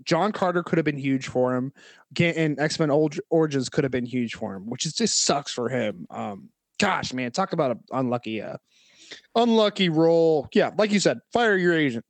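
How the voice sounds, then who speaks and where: A man with a slightly high voice co-hosting a podcast, enthusiastic and easily amused. His casual chat is full of restarts, recorded dry and close. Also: lively intonation, normal speed, no echo. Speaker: podcast co-host.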